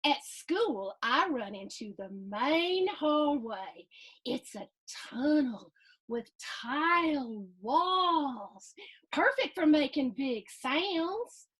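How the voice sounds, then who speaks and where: A woman's voice: sits high, very animated, very slow, fairly bright tone. A woman hosting a children's storytime, reading a picture book aloud with lots of questions and sound effects. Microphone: video stream.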